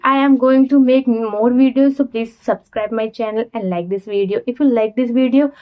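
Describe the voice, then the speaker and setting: A woman's voice: fairly high pitch, warm tone, rough recording. A young woman with an Indian accent, a Hindi speaker, talking to her phone camera in learner English, earnest and restarting her sentences often. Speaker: vlogger. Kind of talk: casual talk to camera.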